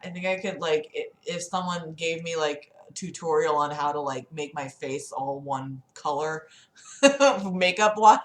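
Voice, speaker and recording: A woman's voice: deep voice, measured pace, reverberant. A young woman hosting a casual livestream from her city apartment, rambling and giggling, with lots of "like". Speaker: livestream host.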